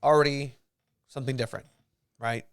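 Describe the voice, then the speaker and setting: A man's voice: mid-range voice, fairly even intonation, fairly quick, fairly bright tone, clean tone, no echo, clean studio sound. A man hosting a casual soccer podcast, chatty and leading the talk, asking his co-hosts questions. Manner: chatty, runs the segment and asks co-hosts questions. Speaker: podcast host. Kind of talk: casual sports podcast chat.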